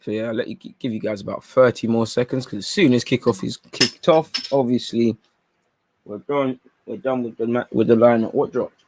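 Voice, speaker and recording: A man's voice: mid-range voice, normal speed, darkish tone, no room sound. A young man giving chatty live commentary during a football watchalong stream and reacting to viewer comments.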